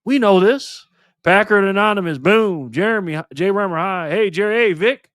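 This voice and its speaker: A man's voice: high-pitched, expressive, moderate pace, a bit bright, dry recording, clean studio sound. A man hosting a live stream alone at a microphone, upbeat in casual chat, greeting viewers by name and calling them brother and man. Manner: calls people brother and man.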